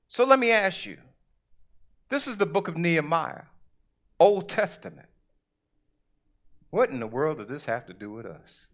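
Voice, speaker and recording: A middle-aged male pastor preaching a sermon and reading scripture, with an emphatic delivery that calls on the congregation and slows down to stress key words. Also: a little high, sing-song, a bit bright. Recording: dull lo-fi recording.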